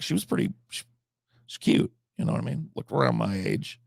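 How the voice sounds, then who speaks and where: A man's voice: fairly low pitch, animated, brisk, creaky, darkish tone, slightly rough, no echo, studio quality. A man telling a rambling comic story in a casual, profane, conversational way. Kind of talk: comedic storytelling.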